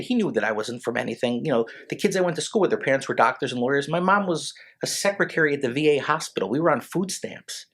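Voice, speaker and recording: A man in his forties, a lawyer and podcast guest, telling personal stories in a casual, halting way with many restarts. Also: on the high side. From Connecticut, USA. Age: 40s. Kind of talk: casual storytelling interview.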